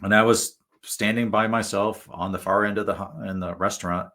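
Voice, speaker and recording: A man's voice: fairly low pitch, steady tone, brisk, sharp tone. A male guest telling stories in a casual, rambling way, full of fillers and restarts. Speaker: guest author. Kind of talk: casual storytelling.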